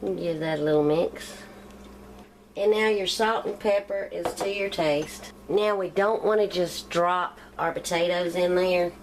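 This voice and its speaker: Country-accented woman, home-cooking host, slightly low voice, relaxed talk over faint kitchen noise. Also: unhurried. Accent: Southern US country. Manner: chatty, step-by-step explaining while cooking. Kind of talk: casual cooking demonstration.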